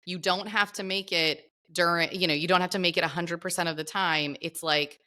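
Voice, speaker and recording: A woman co-hosting a podcast, reflective and quick to laugh in casual chat. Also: fairly low pitch, steady tone, sharp tone. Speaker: podcast co-host.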